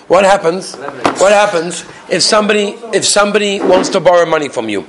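Guy rattling through a torah class, kinda high voice, keeps asking the room questions. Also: a little fast, few pauses, a little hiss or hum. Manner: animated, asks the class questions. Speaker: Torah teacher.

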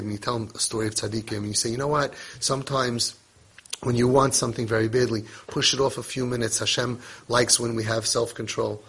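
A man's voice: medium pitch, fairly bright tone, breathy edge. A middle-aged man teaching a casual parenting lesson, mixing Hebrew and Yiddish terms into his conversational talk.

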